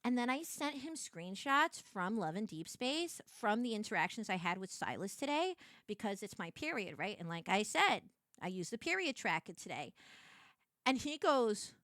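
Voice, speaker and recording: Young woman streamer, casual chat, filler-heavy and giggly, bright, lively voice, dry close mic. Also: mid-range voice, moderate pace, dry recording. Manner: chatty, filler-heavy, giggly, bursts into shrieks.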